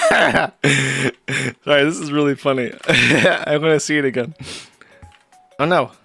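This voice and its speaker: A man's voice: medium pitch, vocal fry, sharp tone, no echo, clean studio sound. A man hosting a casual commentary stream, crude and sarcastic, rambling between asides. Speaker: streamer host.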